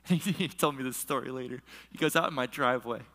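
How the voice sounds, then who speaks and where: A man's voice: mid-range voice, bright, forceful tone. A middle-aged male pastor telling a personal story in a casual, emotional sermon, at times choking up. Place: church hall with a live audience. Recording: long hall reverb.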